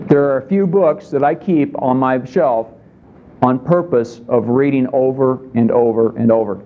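This pastor talks through his sermon casually, often turning to the congregation with questions. He has a medium-pitched voice, heard through phone-quality audio with a little background noise.

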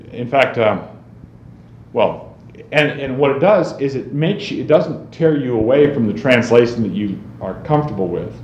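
A man's voice: medium pitch, darkish tone. A man teaching a group on how to read the Bible, speaking conversationally and often checking in with "right?". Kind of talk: teaching talk on Bible reading. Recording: roomy, slightly dull recording with faint noise.

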